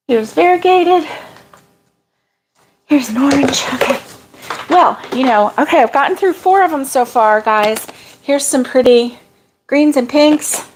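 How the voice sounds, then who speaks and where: A middle-aged woman talks slowly and loosely while sorting yarn for her crochet channel. Her voice sits a little high for a woman. She pokes fun at herself and laughs easily. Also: lively intonation, a little mellow, low-quality recording. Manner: chatty, self-deprecating, laughs often. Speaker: crochet vlogger.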